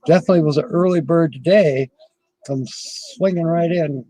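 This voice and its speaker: Slow, husky-voiced man hosting a chat. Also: a little high, mellow, dry recording, rough recording. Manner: slow, rambling, chuckles often. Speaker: livestream host. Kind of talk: casual livestream chat.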